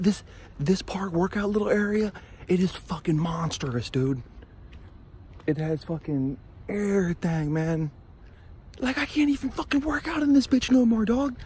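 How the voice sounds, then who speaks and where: A man's voice: a little high, darkish tone, a little hiss or hum. A young man filming himself on a phone in his car at night, ranting angrily, swearing constantly and restarting his sentences. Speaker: vlogger. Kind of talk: profane ranting vlog. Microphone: phone held in hand.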